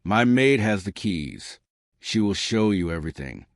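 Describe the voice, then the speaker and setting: A man voicing a cold, haughty old princess with a deep voice in an audiobook. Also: animated, a little slow, no echo, studio quality. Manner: haughty, curt.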